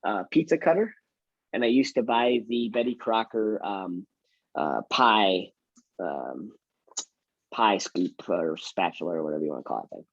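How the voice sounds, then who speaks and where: Husky-voiced man talking shop casually. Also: lowish voice, lively intonation, measured pace, dry recording, highs cut off. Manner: chatty, self-mocking, acts out door-knock scripts. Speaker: real estate agent and trainer. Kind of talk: casual teaching talk.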